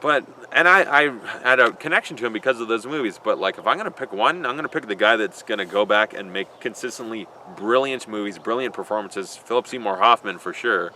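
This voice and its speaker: Man, vlog Q&A outdoors, bright voice, loose and joking, swears a lot, faint traffic. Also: fairly low pitch, expressive, fairly quick, hardly any pauses. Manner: rambling, joking, profane. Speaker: vlogger answering viewer questions. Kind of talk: casual Q&A vlog. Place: outdoors in a built-up area.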